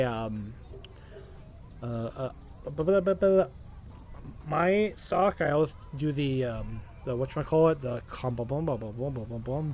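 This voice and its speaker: A man's voice: mid-range voice, darkish tone, a little hiss or hum. A young man, chatting in a loose, rambling way as a tired streamer. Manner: rambling, full of fillers and restarts, tired. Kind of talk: casual rambling chat.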